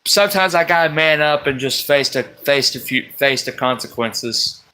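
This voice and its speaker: A man, ranting on a live stream from a table at home, exasperated, swearing often and breaking into loud outbursts. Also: a little high, moderate pace, low-quality recording. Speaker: livestream host. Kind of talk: rambling live-stream rant.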